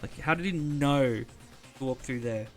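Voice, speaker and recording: A man's voice: medium pitch, a little slow, soft background music. A man streaming a video game, reacting in casual, profane and exasperated commentary.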